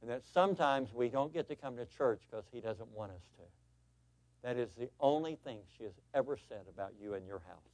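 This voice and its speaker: A man preaching a sermon as pastor, telling a story with animated voices before turning earnest and exhorting his congregation. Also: medium pitch, a little fast, dry recording.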